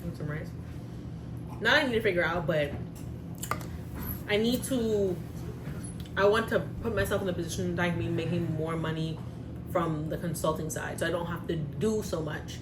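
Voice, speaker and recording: A woman's voice: on the low side, moderate pace, pauses often, reverberant, noisy background. A woman vlogging casually, talking straight to her viewers about her work and day. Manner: chatty, talks to viewers directly. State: out of breath, unwell. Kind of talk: casual vlog chat. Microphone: phone.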